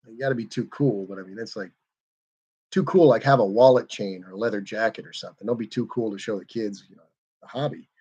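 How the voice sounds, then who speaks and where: A man's voice: fairly low pitch, quick pace, warm tone, husky, muffled recording. A man hosting a car livestream in casual, rambling, self-deprecating chat.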